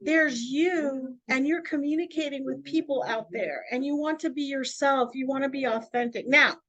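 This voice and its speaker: A woman who is a radio host, talking in a free-flowing, emphatic, animated way in a casual interview. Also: high voice, moderate pace, dry recording, dull audio. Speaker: radio host and network owner.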